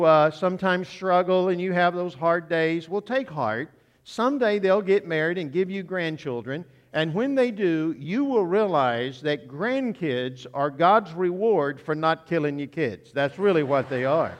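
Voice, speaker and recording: A man's voice: high-pitched, big-room sound. An older man and guest preacher giving a sermon in a church sanctuary, with a folksy, joking storytelling manner.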